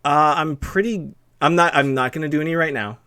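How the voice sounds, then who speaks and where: A man's voice: fairly high pitch, brisk, sharp tone, clear, resonant tone. A man hosting a casual live-stream interview, flustered and laughing easily, often restarting his sentences.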